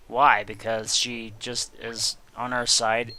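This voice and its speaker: A man's voice: medium pitch, flat delivery, slow pace, few pauses, sharp tone. Joking, sarcastic let's-play guy. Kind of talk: gameplay commentary.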